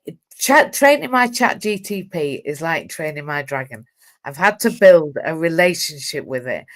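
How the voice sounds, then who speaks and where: A woman hosting an interview, telling stories in a lively way and acting out quoted lines. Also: deep voice, moderate pace. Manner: lively storytelling with quoted voices and laughs. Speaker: host. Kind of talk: casual conversational interview.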